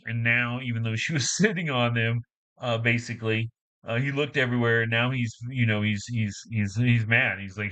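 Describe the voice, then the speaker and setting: A man reading scripture aloud in a halting way, restarting phrases and adding casual asides. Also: medium pitch, steady tone, sharp tone, low-quality recording. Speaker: Bible reader and commentator.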